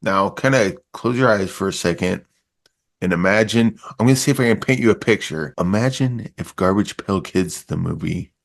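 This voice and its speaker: A man's voice: lowish voice, normal speed, gravelly. A man reviewing a movie in casual chat, rambling and laughing often as he acts out scenes.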